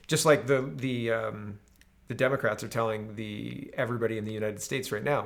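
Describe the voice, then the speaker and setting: A man hosting a casual political commentary show, talking sarcastically and mockingly with lots of animated asides. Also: medium pitch, normal speed, vocal fry.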